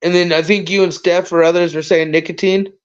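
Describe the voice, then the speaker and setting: A man's voice: high voice, brisk, smooth. A man hosting a casual livestream chat, rambling and swearing as he talks. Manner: rambling, profane, animated. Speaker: livestream host. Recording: dull lo-fi sound.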